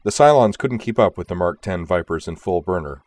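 A very deep-voiced man reads a space adventure audiobook. His delivery is steady and even. He narrates at an unhurried pace.

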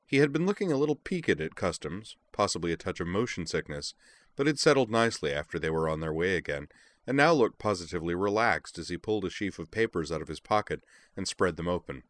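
A man reading a story aloud in a wry, measured storytelling manner. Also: sits low, sing-song, fairly bright tone, no room sound. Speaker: narrator. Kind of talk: audiobook narration.

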